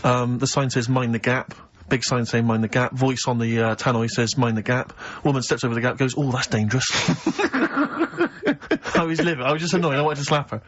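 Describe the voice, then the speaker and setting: A man's voice: mid-range voice, steady tone, a little fast, a bit bright, lo-fi sound. A man with an English accent co-hosting a radio show, making dry, sardonic remarks in casual banter. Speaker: radio co-host.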